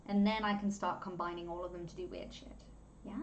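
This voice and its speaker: A young woman giving a casual, rambling editing tutorial at home, chatty and quick to laugh. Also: on the low side, flat delivery, highs cut off, slight background noise. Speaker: content creator teaching video editing. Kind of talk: casual screen-recording tutorial.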